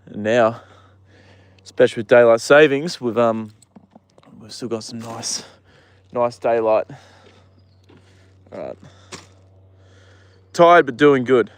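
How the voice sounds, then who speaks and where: A man's voice: medium pitch, takes it slowly, pauses often, smooth. A man hosting a casual live stream outdoors by a horse paddock, rambling and answering viewer comments, with the odd swear word.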